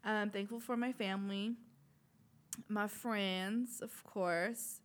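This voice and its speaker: A woman's voice: mid-range voice, steady tone, takes it slowly. A young woman, co-hosting a podcast in casual chat, swearing freely and laughing often. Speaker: podcast co-host.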